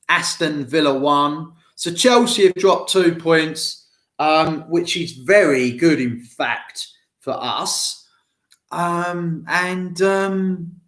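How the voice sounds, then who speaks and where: A man's voice: a little high, fairly bright tone. A man talking football to his fans in a loose, rambling solo chat, speaking to them directly. He has a nagging cough and takes his time over his words. His voice bounces around a roomy, echoey space. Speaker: football fan vlogger. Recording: roomy echo.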